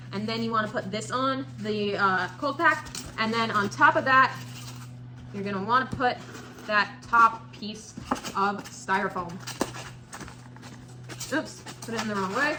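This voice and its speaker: A woman's voice: a little high, bright, forceful tone. A young woman keeping tarantulas, giving a casual, chatty how-to tutorial with emphatic points and cooing asides. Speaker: tarantula keeper demonstrating shipping.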